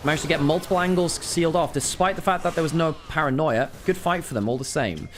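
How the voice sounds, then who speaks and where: A man doing live play-by-play commentary on an esports match. He shifts from calm analysis to exasperated outbursts, and he is worn out after a long week. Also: fairly high pitch, fast, a little hiss or hum. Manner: self-correcting, apologetic asides to viewers. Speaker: esports caster.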